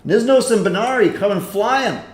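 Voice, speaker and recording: A man hosting a live stream in casual commentary, chatty and excitable as he reacts to a game. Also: sits high, normal speed. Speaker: livestream host. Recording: echoey room with faint noise.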